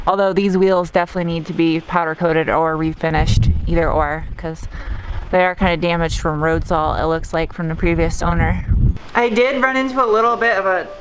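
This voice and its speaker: A young woman with a fairly low voice chats to camera from her garage, self-mocking and quick to laugh. A faint hum sits behind her. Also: poor audio. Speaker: car vlogger. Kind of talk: casual vlog talk to camera. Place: home garage and driveway.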